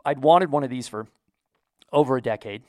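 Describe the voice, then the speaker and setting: A man's voice: medium pitch, normal speed, dark tone, no echo, studio quality. An American man telling an enthusiastic, chatty story to his viewers in a casual vlog. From United States. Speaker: vlogger. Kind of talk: casual talk to camera.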